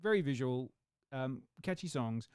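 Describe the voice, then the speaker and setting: A man's voice: mid-range voice, animated, unhurried, a little mellow, clean tone, dry recording, studio quality. A man co-hosting a podcast in casual chat, rambling and laughing often, with some swearing. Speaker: podcast co-host.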